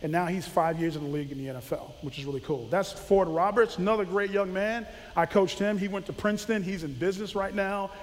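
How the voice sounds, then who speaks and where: A former football coach telling animated stories about players he coached, acting out quotes and laughing often. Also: high-pitched, quick pace, few pauses, long reverb tail. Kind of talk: casual storytelling.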